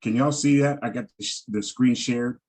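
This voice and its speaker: A man teaching a Hebrew vowel lesson over a video call, halting and repeating words and often checking in with "right?". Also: mid-range voice, fairly even intonation, darkish tone, rough recording.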